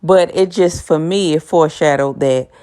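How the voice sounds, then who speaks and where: A woman in a casual, animated TV episode recap, chatting and laughing often. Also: sits low, moderate pace, clean tone.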